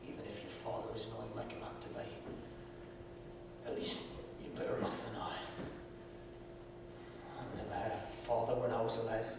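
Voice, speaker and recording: A man on a theatre stage playing an old blind male pencil peddler who talks in a gruff, rustic way, slow and mournful. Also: lowish voice, little pitch movement, very noisy. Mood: weary. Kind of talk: stage recital acting. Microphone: distant room mic. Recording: echoey hall from far off.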